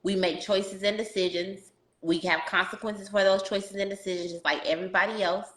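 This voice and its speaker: A woman hosting a casual podcast interview, telling stories in an animated, slangy way and talking to listeners as "y'all". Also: medium pitch, fairly quick, reverberant, a little hiss or hum. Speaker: podcast host.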